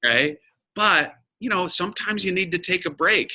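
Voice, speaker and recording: Forceful, frank male interview guest. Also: high-pitched, moderate pace, low-quality recording. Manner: emphatic, frank, blunt with occasional swearing. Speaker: guest, business coach and facilitator. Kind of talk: candid interview conversation.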